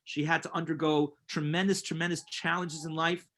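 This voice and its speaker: A rabbi leads an inspirational class with a voice that's a little high, pushed and bright, delivered briskly yet flat. Earnest and emphatic, he tells personal stories and repeats words for emphasis.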